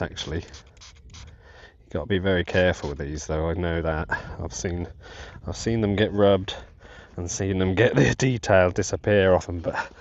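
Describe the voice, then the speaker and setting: Lowish guy detecting in a field, all excited and laughing, muffled lo-fi audio. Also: no echo. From England. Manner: breathless, giddy, laughing, talks to viewers. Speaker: metal detecting vlogger. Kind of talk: excited live-dig narration. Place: outdoors in a field.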